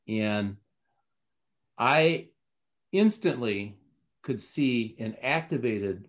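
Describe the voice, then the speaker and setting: Man, interview guest, rambling storyteller, lots of fillers, somewhat low voice. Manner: rambling, animated, with many fillers and restarts. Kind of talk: casual storytelling.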